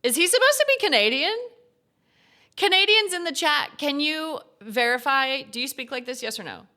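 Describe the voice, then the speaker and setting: A woman's voice: high voice, expressive, moderate pace, sharp tone. A young woman streaming a game, chatting casually and giggling with her viewers. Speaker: gaming streamer.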